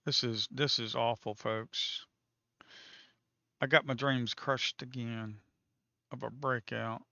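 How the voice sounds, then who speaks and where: Guy calling live trades to his folks, cussing a lot, bright tense voice, slightly muffled. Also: mid-range voice, steady tone, takes it slowly, creaky, dry recording. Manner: casual, swears, talks to viewers as folks. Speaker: day trader streaming live. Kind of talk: live trading commentary.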